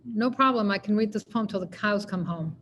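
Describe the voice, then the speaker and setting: A woman's voice: medium pitch, brisk, a bit bright, slight background noise. A woman poet giving a poetry reading, narrating in a wry, conversational way. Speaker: poet reading her work.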